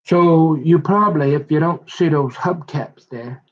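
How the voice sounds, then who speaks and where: Heard in lo-fi sound, a man with a voice on the high side tells a long personal story as a casual, rambling monologue. He keeps checking in with his listener with "right?" and "mm-hmm," meandering and restarting as he draws it out.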